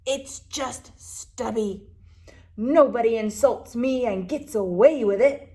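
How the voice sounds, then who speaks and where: A woman voicing a gruff, grumpy male bear woken from his nap in a storybook reading. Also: on the high side, slow pace, dark tone. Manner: growling and grumpy.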